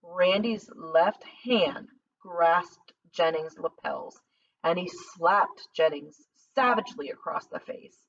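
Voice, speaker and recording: A woman narrating a novel as an audiobook, in a measured, dramatic reading. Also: fairly low pitch. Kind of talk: scripted narration. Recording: slightly distant dull lo-fi recording.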